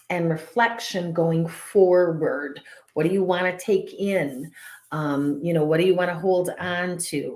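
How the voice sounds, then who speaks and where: A woman's voice: fairly low pitch, roomy sound. A woman co-hosting a casual spiritual chat, talking loosely with many fillers and easy laughs. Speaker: co-host.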